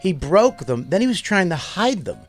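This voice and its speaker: Animated storytelling man, slightly high. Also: normal speed, soft background music. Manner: animated storyteller who acts out quotes. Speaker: podcast co-host. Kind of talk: storytelling casual banter.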